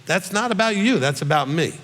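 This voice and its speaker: In a large hall, a rabbi with a high-pitched, animated, fairly bright voice answers questions at a slightly fast clip. He teaches conversationally, acts out the voices he quotes, and keeps checking in with listeners by asking "okay?"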